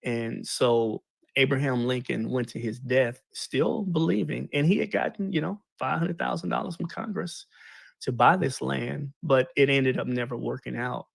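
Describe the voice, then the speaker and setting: A man casually explaining history in an animated, slangy way, retelling events with paraphrased quotes. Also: medium pitch, moderate pace, vocal fry, husky, no echo.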